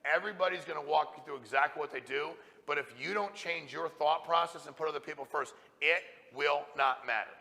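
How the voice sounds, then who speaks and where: A middle-aged man, a company president, giving a blunt, forceful motivational talk to a live audience. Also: a little high, fairly quick, hardly any pauses. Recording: reverberant hall sound.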